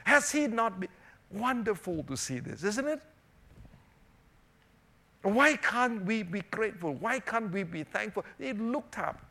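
A male pastor delivering a sermon in a fairly high, very lively voice that leaps up for emphasis and drops low for asides. He keeps the congregation with him through constant tag questions and casual fillers. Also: unhurried, gravelly, long pauses. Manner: animated, swings between emphatic highs and quiet low asides; frequent "you know" and "right?" tag questions.

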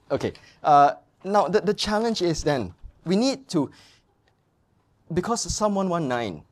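Male pastor, middle-aged, sermon with stories, slightly high voice, very lively intonation. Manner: animated storyteller, mimics people with high sing-song voices. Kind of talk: sermon with anecdotes.

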